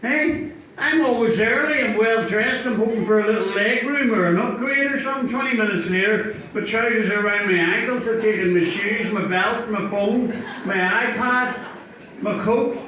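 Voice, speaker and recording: A man's voice: sits high, sharp tone. An older man performing a stand-up routine, telling stories with dry punchlines. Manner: storytelling, unhurried with dry punchlines. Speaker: stand-up comedian. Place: live venue with audience. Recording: echoey hall, far from mic, faint noise.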